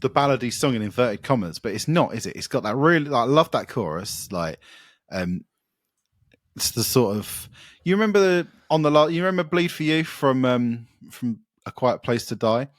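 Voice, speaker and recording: A man rambles happily through a casual podcast chat about records, swearing freely and trailing off into fillers. His voice sits at a middling pitch and is recorded dry and close, with no room sound around it. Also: expressive, normal speed, no room sound. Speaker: podcast co-host.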